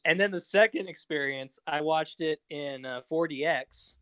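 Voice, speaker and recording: A man's voice: fairly high pitch, normal speed, a bit bright, no room sound. A young man in casual film chat, talking eagerly like a fan and stumbling over fillers. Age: young adult.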